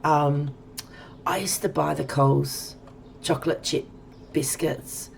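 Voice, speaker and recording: Gravelly low-voiced Australian woman streamer. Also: steady tone, takes it slowly, a little hiss or hum. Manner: chatty and rambling, talking to viewers while playing. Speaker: game streamer. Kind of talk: casual let's-play chat.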